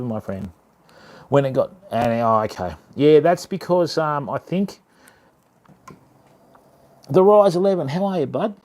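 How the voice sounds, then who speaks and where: A man with an Australian accent hosts a casual fishing livestream, his voice fairly high with a darkish tone. Chatty in this live stream chat, he greets viewers by name and calls them mate and fam.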